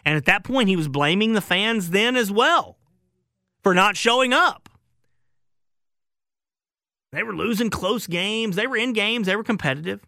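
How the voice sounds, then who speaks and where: A man's voice: on the high side, pushed and bright, dry recording. A male sports radio host giving opinionated, emphatic call-in talk into a studio microphone.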